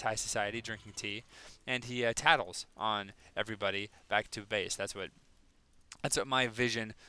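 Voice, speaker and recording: A man gives casual play-by-play of a strategy video game in a bright voice. His speech is crisp and clean. He talks in a chatty way and often drops joking, self-deprecating asides. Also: mid-range voice. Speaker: game caster. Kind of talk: casual esports commentary.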